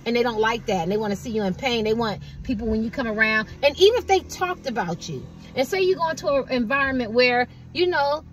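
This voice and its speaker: A woman's voice: on the high side, lively intonation, fast talker, hardly any pauses. A woman tarot card reader giving a casual collective reading, rambling and conversational and asking "you know what I mean" again and again.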